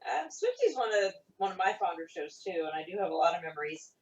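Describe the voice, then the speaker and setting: Woman, middle-aged, fast-talking, former child actor, distant echoey dull video-call sound. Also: fairly low pitch, big pitch swings. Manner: fast-talking, laughs often. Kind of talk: casual remote interview.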